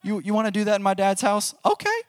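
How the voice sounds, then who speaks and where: A man acting out a calm but pointedly annoyed figure in a high, mock-patient voice during a sermon. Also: quick pace, dry recording, clean studio sound. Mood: wry, annoyed.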